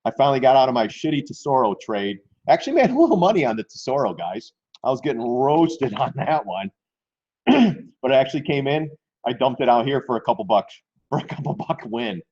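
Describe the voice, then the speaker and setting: A man hosting a live stream on stock trading, talking loosely and mocking himself, often clearing his throat. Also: mid-range voice, big pitch swings, a little fast, darkish tone, highs cut off. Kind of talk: casual live-stream market commentary.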